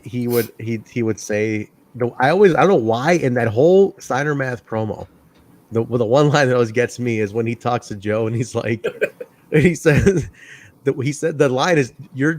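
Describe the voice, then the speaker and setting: A man's voice: medium pitch, no echo. A man co-hosts a wrestling review show and recaps each segment in loose, chatty talk. His voice sits mid-range. He laughs often, and the sound is dry and close. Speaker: podcast co-host. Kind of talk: casual wrestling review chat.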